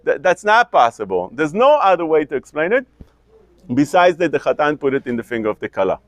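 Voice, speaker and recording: Animated rabbi giving a Talmud lecture. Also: male voice, fairly high pitch, a little fast, no echo. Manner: animated, asks and answers his own questions. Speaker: rabbi teaching a kollel class.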